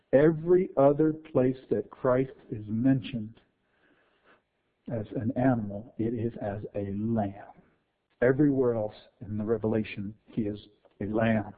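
A man preaching an expository sermon, swinging between hushed explanation and fervent emphasis, over a tinny, phone-like sound. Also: mid-range voice.

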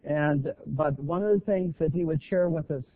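A middle-aged man preaching a sermon, halting, with many fillers and rising emphasis. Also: fairly high pitch. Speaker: guest preacher. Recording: tinny phone-like sound.

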